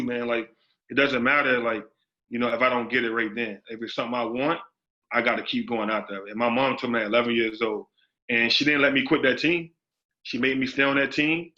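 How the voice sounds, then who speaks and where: A man's voice: medium pitch, sharp tone. A man, a basketball coach, answering interview questions emphatically, repeating his phrases and using street slang. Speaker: associate head basketball coach. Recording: dull lo-fi audio.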